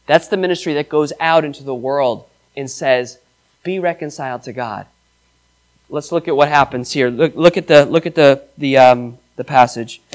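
A male pastor delivering a sermon with emphatic, rising delivery. His voice sits a little higher than most men's. He reads scripture aloud and turns to the congregation with questions. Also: normal speed, few pauses.

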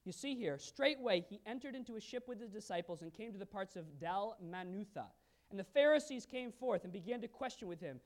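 A male pastor preaching a sermon, asking the audience questions and swinging from quiet asides to loud emphasis. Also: high voice, animated, a little fast.

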